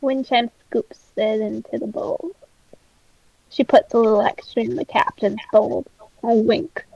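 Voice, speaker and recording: A woman's voice: a little high, steady tone, measured pace, creaky, dark tone, dry recording. A woman playing a tabletop game, plainly describing her character's actions, on a dull lo-fi mic. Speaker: player.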